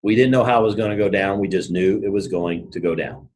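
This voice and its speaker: A man, giving an energetic, casual motivational talk to his team and telling stories. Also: deep voice, fast, a little hiss or hum, poor audio. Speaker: network marketing team leader.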